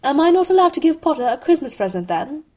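A woman's voice: medium pitch, expressive, a little slow. A woman voicing a haughty, sneering young male wizard who talks in a snappish, disdainful way. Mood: sarcastic.

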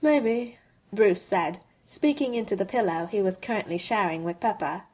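A woman reading a fan-written story aloud as an audiobook, in a steady, even storytelling manner. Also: mid-range voice, normal speed, husky. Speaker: audiobook reader. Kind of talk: fanfic audiobook narration.

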